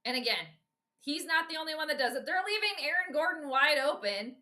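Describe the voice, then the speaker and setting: Bright-voiced woman giving blunt live game commentary. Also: sits high, lively intonation, brisk. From Minnesota. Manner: blunt, exasperated running reactions to play; talks to her viewers directly. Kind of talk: casual live sports commentary.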